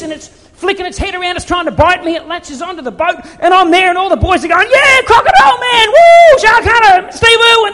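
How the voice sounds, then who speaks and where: A high-pitched man delivers a storytelling sermon with animated, self-deprecating energy. His voice carries a long reverb from a large hall. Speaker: preacher.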